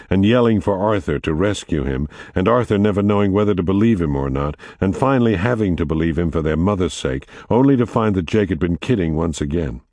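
Man, very low voice, lively tone, audiobook narration, measured, dry close recording. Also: no echo. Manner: measured, steady, quietly dramatic.

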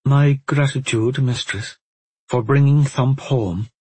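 A man voicing a timid, deferential servant mother in an audiobook, quiet and submissive. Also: medium pitch, takes it slowly, slightly rough, no room sound, voice pushed up.

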